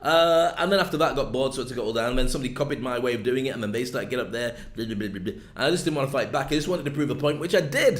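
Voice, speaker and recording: A man's voice: mid-range voice, lively intonation, rapid-fire, few pauses. Chatty northern English man, echoey room. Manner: chatty, jokey, digressive. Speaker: content marketing coach. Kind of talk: casual video lesson to camera.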